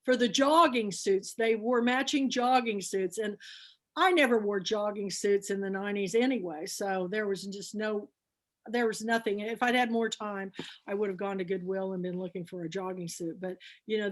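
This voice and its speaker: A woman's voice: medium pitch, moderate pace. A woman hosting an online book and film club, telling long rambling stories in a casual, chatty way. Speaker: host.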